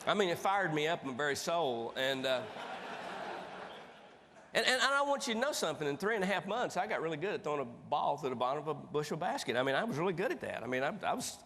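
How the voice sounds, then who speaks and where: A man from East Tennessee, telling stories as a motivational speaker in a folksy, animated way with big jumps in pitch. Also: fast, a little hiss or hum. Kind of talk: storytelling keynote speech. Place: large conference hall stage. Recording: long reverb of a big hall.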